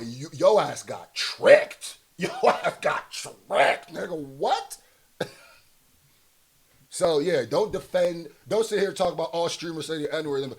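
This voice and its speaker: A man's voice: fairly high pitch, a little mellow. A man hosting casual reaction commentary, talking bluntly with slang and rhetorical questions and laughing often. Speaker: commentary host.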